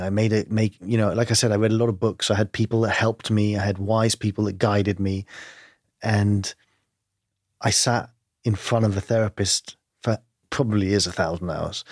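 A man's voice: fairly low pitch, breathy edge, dry recording, clean studio sound. A man as an interview guest, speaking candidly and reflectively about hard times, with frequent laughs. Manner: reflective, earnest, laughs often.

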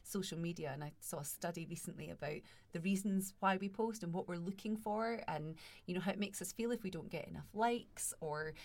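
A woman's voice: lowish voice, brisk, hardly any pauses, a little mellow. Woman host, chatty, laughs easily. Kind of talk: casual chat.

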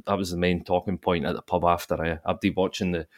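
A Scottish man talks football in casual podcast chat. His voice sits on the low side, and he is blunt, sweary and given to repeating himself. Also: level tone, quick pace. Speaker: podcast co-host.

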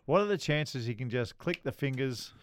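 A man's voice: medium pitch, a little hiss or hum. A middle-aged Australian man co-hosting a podcast in casual chat, telling stories with a ready laugh. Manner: lively storyteller, quick to laugh. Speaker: podcast co-host.

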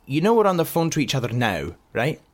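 A man's voice: mid-range voice, very animated, fast. An actor playing a blunt, sarcastic football club man, swearing constantly in a comedy audio drama.

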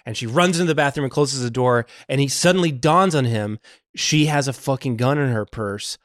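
A man's voice: medium pitch, brisk, dry recording, clean studio sound. A man co-hosting a podcast, casually retelling a film's plot and swearing freely as he goes. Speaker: podcast co-host. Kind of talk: casual movie recap chat.

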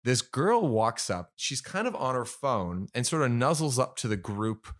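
A man's voice: medium pitch, moderate pace, dry recording, studio quality. A man on a podcast telling a story in casual chat, acting out what people said and swearing as he gets worked up. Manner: animated, acts out quotes, swears, grows loud.

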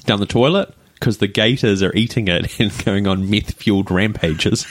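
Jokey New podcast co-host. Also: male voice, lowish voice, normal speed, dry recording. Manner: jokey, asks playful questions. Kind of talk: casual chat.

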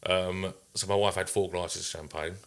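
A man's voice: deep voice, fairly even intonation, normal speed. A man, a podcast host telling sweary, self-mocking stories in casual chat.

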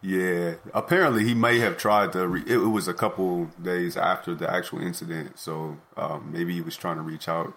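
Guy with a really low voice, calm, kinda hesitant, repeats himself as he goes. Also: moderate pace, hardly any pauses. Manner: calm, hesitant, repeats words while thinking. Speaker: podcast guest. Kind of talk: casual chat.

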